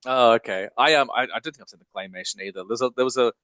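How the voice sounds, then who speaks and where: A man's voice: medium pitch, very fast, a bit bright, clear, resonant tone, no room sound, poor audio. A man hosting a podcast, chatting in an upbeat, casual way with frequent ums and uhs. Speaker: podcast host.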